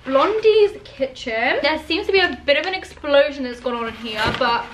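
Young woman, high bright voice, excitable and gushing, casual home vlog. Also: noisy background. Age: young adult. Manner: gushing, full of "like" and "oh my god". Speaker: vlogger. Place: at home indoors. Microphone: handheld camera.

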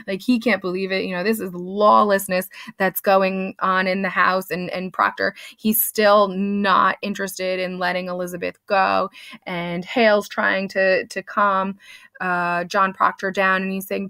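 A woman's voice: medium pitch, little pitch movement, measured pace, sharp tone, no echo, studio quality. A young woman teacher summarizing a play for her class in a casual, chatty way, loosely paraphrasing the characters.

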